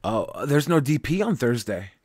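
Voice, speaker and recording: Medium in pitch, a little mellow and sing-song, this man speaks at normal speed with no room sound. During a casual livestream chat he comes across tired and grumpy, rambling to viewers, swearing and joking about himself.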